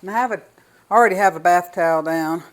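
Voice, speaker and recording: A woman's voice: fairly low pitch, fast talker, low-quality recording. An older woman with a Southern US accent, chatting folksily and enthusiastically while demonstrating home cooking in her kitchen.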